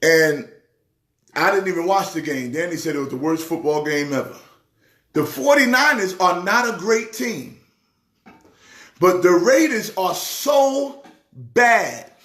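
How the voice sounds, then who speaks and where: A man who is a pastor, talking sports casually in an excitable way, repeating words with a preacher's rhythm. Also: sits high, echoey room. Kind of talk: casual sports talk show.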